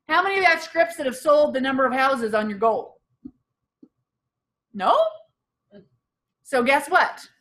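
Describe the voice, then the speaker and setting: Upbeat woman workshop coach, bright voice, draws answers from the room and echoes them back. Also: a little high. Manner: energetic, quizzes the room and repeats answers back. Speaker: real estate sales trainer. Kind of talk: live workshop lesson with audience questions. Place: training room with live audience.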